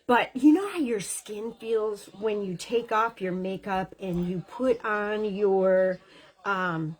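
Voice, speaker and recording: A woman in her fifties chatting through a makeup tutorial at home, gushing over products with quick asides, on the camera mic. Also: mid-range voice. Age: 50s. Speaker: makeup vlogger. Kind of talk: casual makeup tutorial chat. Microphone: camera mic, lapel not worn.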